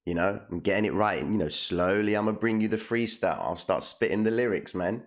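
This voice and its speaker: Hyped, slangy man with a low voice. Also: fairly quick. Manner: hyped, slangy, repeats phrases. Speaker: livestream host. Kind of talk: casual live-stream chat. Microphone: condenser mic.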